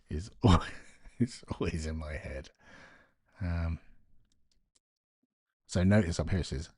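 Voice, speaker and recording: A deep, slightly husky man chats casually on a late-night live stream, half-muttering to himself as he works. He keeps his voice down at home, and the sound is close and dry. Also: slow, pauses often, no echo. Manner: talks to himself while working, quiet and muttering.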